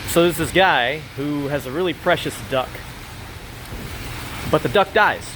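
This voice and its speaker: A man telling a joke in a relaxed, rambling way, full of fillers, outdoors outside a grocery store. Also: on the high side, measured pace, noisy background. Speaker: joke teller.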